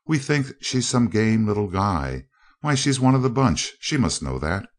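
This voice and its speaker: A brash young adventurer, read by a man in a spoken storybook. He talks in a confident, slangy, breezy way, in a low, deep voice. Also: very animated, moderate pace. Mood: insistent.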